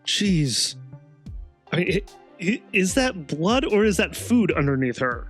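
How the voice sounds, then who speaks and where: A man talks through a video game in casual, unhurried commentary, his voice sitting a little high. He chuckles often and stalls on fillers as he reacts. Soft game music plays faintly underneath. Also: big pitch swings. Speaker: let's play host.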